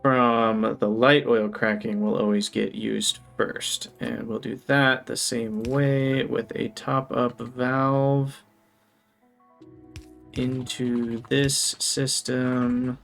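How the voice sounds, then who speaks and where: Male live streamer with some vocal fry, mid-pitched, talks through his plans and greets chat cheerfully. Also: flat delivery, very slow, faint music behind. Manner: thinks aloud while planning, brightens to greet chat. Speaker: game streamer. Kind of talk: live gameplay commentary.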